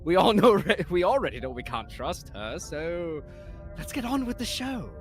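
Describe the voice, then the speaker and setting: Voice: medium pitch, faint music behind, close to an everyday voice. A streamer voicing the player's wary, sly inner voice in a game read-through. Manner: animated, sly, quick to backpedal. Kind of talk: reading a game aloud.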